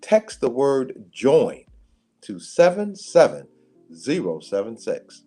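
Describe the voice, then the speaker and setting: A man hosts a live radio talk show with a very animated, sweeping delivery. He takes his time and leans hard on key words. Faint music sits under his voice. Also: mid-range voice, slow pace. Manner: animated, laughs often, emphatic. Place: radio studio.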